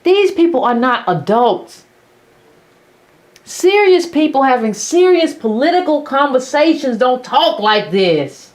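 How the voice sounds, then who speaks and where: A woman hosting a commentary show, blunt and biting in her sarcasm. Her voice sits somewhat high and swings through a wide, lively range. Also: unhurried. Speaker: host of a political commentary channel. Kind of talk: opinionated commentary monologue.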